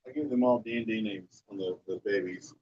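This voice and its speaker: A man's voice: on the low side, fairly quick. Distant man chatting outdoors. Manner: relaxed storyteller, puts on silly voices for animals. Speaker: neighbor. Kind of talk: casual chat. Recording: distant, roomy, muffled, with faint outdoor ambience.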